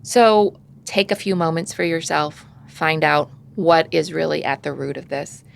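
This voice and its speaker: Gravelly-voiced woman giving parenting advice. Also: sits low, fairly even intonation, unhurried. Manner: conversational, acts out parent and child voices. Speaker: parenting podcast guest expert. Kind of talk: casual advice chat.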